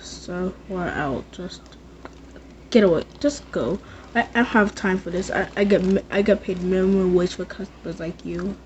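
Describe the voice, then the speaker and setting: A woman's voice: on the low side, normal speed, slight background noise, natural voice, low-quality recording. A woman doing a fed-up, muttering store clerk. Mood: annoyed. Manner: flat, dismissive, muttered. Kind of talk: plush puppet comedy skit.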